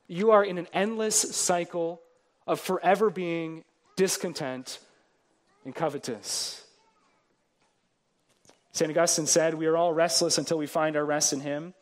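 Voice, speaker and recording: A man's voice: on the high side, fairly even intonation, a little slow, long pauses. A man preaching a sermon as pastor to his congregation, earnest, building emphasis through repeated phrases.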